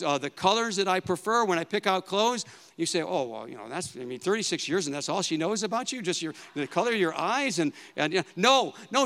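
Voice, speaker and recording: A man's voice: sits high, fairly bright tone. A man in his fifties preaching a sermon in a conversational way, repeating phrases for emphasis. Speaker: pastor. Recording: long hall reverb.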